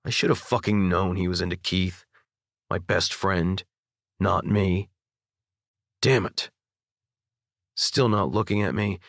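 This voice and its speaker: A young man narrating a first-person audiobook with intimate, expressive storytelling. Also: lowish voice, no echo, clean studio sound. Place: dry recording booth. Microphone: studio microphone.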